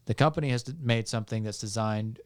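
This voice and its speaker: A man, a podcast guest, calmly explaining legal points step by step with frequent fillers and restarts. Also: lowish voice, fast talker, smooth. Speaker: podcast guest on music law. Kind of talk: explanatory casual talk.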